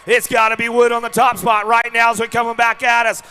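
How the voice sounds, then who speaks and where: A man calls a BMX race live with a very high, piercing voice. He works the crowd and reads out each rider by bike number, with faint music behind. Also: completely flat delivery, a little fast, sharp tone. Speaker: race announcer. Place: outdoor BMX track.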